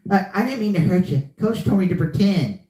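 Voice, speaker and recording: A man's voice: sits high, lively intonation, fairly quick, dark tone, pitched above the performer's own voice. A man voicing a simple-minded young male water boy, earnest and stammering, in an echoey room.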